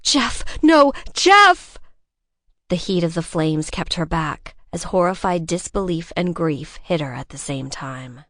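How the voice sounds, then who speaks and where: A woman narrating a suspense audiobook in a measured, scripted style. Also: steady tone, no room sound, studio quality. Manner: measured, voices characters with shifts in pitch.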